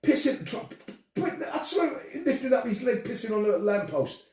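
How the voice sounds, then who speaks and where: A man's voice: extremely high pitch, normal speed. Ranting older man, roomy echo. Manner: animated, swearing, ranting. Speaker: podcast host. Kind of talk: casual podcast chat. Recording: echoey room, distant from mic.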